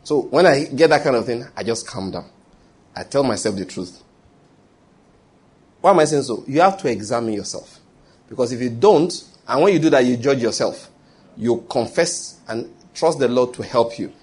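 A middle-aged man with a Nigerian accent, preaching a sermon and telling lively stories with acted quotes. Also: medium pitch, normal speed, breathy edge. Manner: animated storytelling preaching with acted quotes and pidgin asides. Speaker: pastor.

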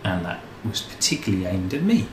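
A man's voice: sits low, sing-song, a little fast. A man telling his life story in a casual interview, rambling and self-deprecating. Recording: echoey room, faint background noise.

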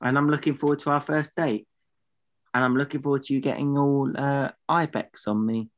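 A man's voice: mid-range voice, fairly even intonation, moderate pace. A man co-hosting a podcast in casual banter, teasing his partner in mock exasperation. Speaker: podcast co-host.

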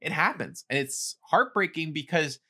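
Young guy cohost, kinda high bright voice, chatty and reflective. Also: lively intonation, normal speed. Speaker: podcast co-host. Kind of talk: casual podcast chat.

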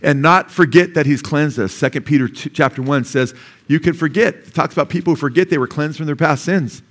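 A male pastor preaching a sermon in a church, telling stories with humor and swinging between loud and soft delivery. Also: a little high, brisk. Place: church sanctuary.

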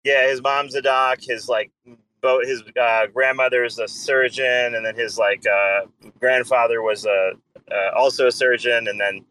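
A man's voice: mid-range voice, fairly even intonation, a little slow, pushed and bright, poor audio. A man co-hosting an online chat, talking loosely and joking with casual swearing. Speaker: co-host. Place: in a car.

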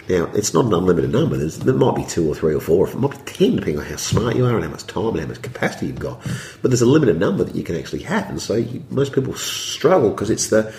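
A man's voice: sits low, a little mellow. A man talking as an interview guest, rambling through his points and acting out his own thoughts in quotes. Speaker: property developer, podcast guest. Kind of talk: conversational interview talk. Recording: roomy echo.

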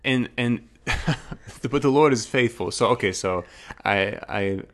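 A man's voice: medium pitch, measured pace, fairly bright tone. A young man animatedly telling a personal story in casual chat, acting out his own past words.

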